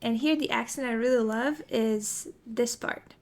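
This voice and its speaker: A woman teaching animation in a recorded tutorial, explaining in a clear, methodical way. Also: on the high side, unhurried, darkish tone, faint music behind. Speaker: animation instructor.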